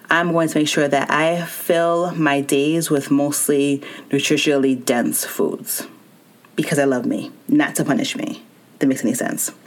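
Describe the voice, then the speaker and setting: A woman hosting a solo wellness podcast, talking straight to her listeners in an encouraging way. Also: low-pitched. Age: adult with child and spouse. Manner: warm encouraging, speaks directly to listener. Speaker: podcast host.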